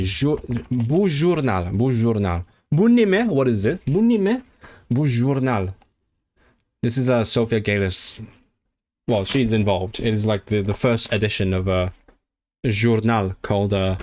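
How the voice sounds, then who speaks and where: A man livestreams his language study, thinking aloud casually with fillers and restarts and carefully repeating new foreign phrases. His mid-range voice is animated, a little mellow, and a little slow.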